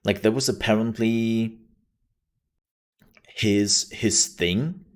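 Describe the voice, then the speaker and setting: A man's voice: fairly low pitch, steady tone, extremely slow. A man streaming live, chatting casually and joking often.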